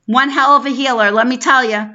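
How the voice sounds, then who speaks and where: In dull, lo-fi stream audio, a middle-aged woman from New York hosts a live stream and gushes to viewers by name in casual chat. She has a New York accent and a high, pushed, bright voice that stays steady and runs a little fast.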